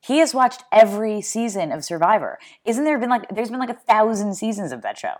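A woman's voice: medium pitch, big pitch swings, brisk. A woman chatting casually as a podcast guest, bubbly and laughing often, telling rambling run-on stories. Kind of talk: casual chat.

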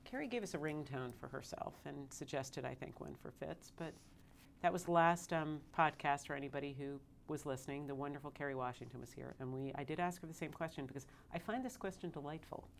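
A woman's voice: low voice, brisk, vocal fry, slight background noise. A woman hosting a podcast, chatting casually with guests, teasing and laughing often. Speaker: podcast host. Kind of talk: casual chat.

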